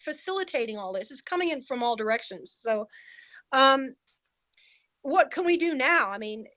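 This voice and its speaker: Emphatic woman podcast guest with a high voice, dry and a bit lo-fi. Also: lively intonation, normal speed, a bit bright, no room sound. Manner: emphatic and indignant. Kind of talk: casual podcast conversation.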